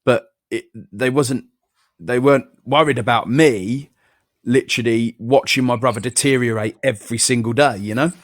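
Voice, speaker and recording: A man's voice: medium pitch, normal speed. Chatty man telling a story. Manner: swearing, storytelling with voiced quotes. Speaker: podcast host. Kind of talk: casual chat.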